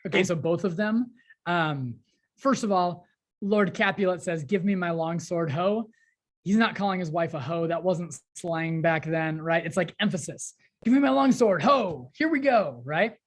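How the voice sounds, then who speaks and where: A woman teacher walks through a play in a relaxed, chatty way. She retells the lines in modern slang, and her voice sits low. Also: moderate pace. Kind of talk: casual classroom explanation.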